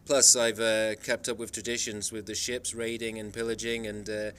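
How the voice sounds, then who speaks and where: A man's voice: lowish voice, flat delivery, moderate pace, a bit bright, smooth. A man from the Isle of Man telling travel stories in a rambling, emphatic monologue. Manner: rambling, emphatic storytelling with frequent restarts. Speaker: travel vlogger. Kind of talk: casual monologue.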